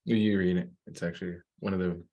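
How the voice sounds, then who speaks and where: A man's voice: deep voice, fast, lo-fi sound. A man teasing friends in casual podcast chat. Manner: teasing, lively.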